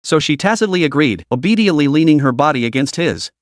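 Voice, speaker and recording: Guy narrating a comic recap, kinda high voice, bouncy delivery, super dry sound. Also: expressive, fast talker, no room sound.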